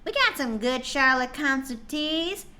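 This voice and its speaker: A woman's voice: sits high, expressive, measured pace, bright, forceful tone. A woman streamer chatting to her viewers in a dramatic, exasperated way, swearing often. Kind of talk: live stream chat while reading fan fiction.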